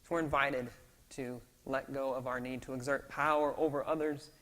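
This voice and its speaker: Bright-voiced pastor preaching in a church. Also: male voice, medium pitch, moderate pace. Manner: storytelling, animated, acts out dialogue. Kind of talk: sermon. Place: church sanctuary. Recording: long hall reverb in a church.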